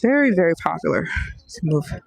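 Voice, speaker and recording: On a handheld phone stream, this woman travel vlogger strolls through city streets and temple grounds, rambling in casual chat and now and then whispering. Her voice is lowish, sing-song, gravelly and a little fast, with no room sound and poor audio.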